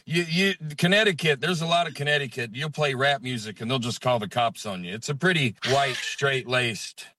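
A man's voice: mid-range voice, normal speed, hardly any pauses, dry recording. A man in his thirties from Alabama with a Southern accent, chatting as a comedian guest and acting out quotes. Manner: animated, acts out quotes. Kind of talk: casual interview chat.

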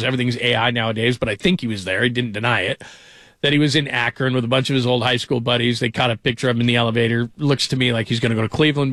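A man's voice: mid-range voice, fairly bright tone, no echo. Chatty man hosting sports radio, dry. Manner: rambling, chatty, jumps between stories. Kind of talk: casual sports talk radio. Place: radio studio.

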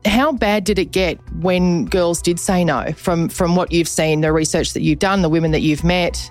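A woman's voice: on the low side, moderate pace, a little mellow, soft background music. A woman interviewer asking frank, conversational follow-up questions.

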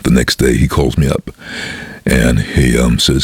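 A man's voice: rumbling low, fairly even intonation, unhurried, slightly rough, no echo. A man who works as a voice-over artist, telling anecdotes in an interview and acting out the people he quotes. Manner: storytelling, acts out quoted voices.

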